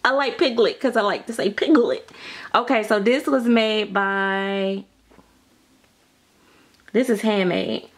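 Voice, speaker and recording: Opening her mail at home, a woman talks in a medium-pitched voice at a slow pace, pausing often. Still, she gushes and gasps excitedly, repeating phrases throughout this casual unboxing chat, recorded noisily at home by the vlogger.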